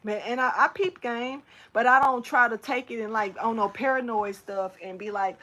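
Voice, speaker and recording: A woman spiritual reader telling a story casually to her camera, animated and slangy, swearing and talking straight to her viewers. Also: a little high, normal speed, hardly any pauses.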